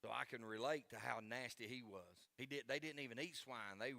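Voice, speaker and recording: A man's voice: mid-range voice, brisk, gravelly, bright, forceful tone, dry recording. A man, preaching a sermon in an earnest, folksy way and repeating key phrases for emphasis. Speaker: pastor.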